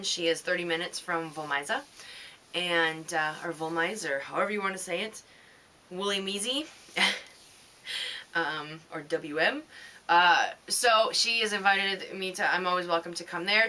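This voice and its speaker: A young woman hosting her knitting video blog, chatting in a loose, rambling way with many pauses and little laughs. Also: fairly low pitch, sharp tone, slight background noise. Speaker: knitting vidcast host. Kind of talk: rambling casual vlog chat.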